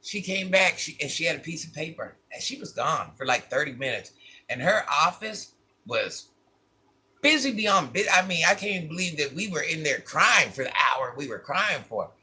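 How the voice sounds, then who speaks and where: Husky, bright-voiced man telling a story. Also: a little high, sing-song, moderate pace. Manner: candid, repeats phrases for emphasis. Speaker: vlogger. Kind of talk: casual storytelling to viewers.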